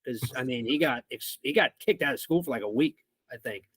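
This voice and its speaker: A young man from Missouri telling a rowdy school story as a podcast guest, animated and swearing freely. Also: medium pitch, brisk, slightly rough, no room sound. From Missouri, United States. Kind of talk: casual storytelling.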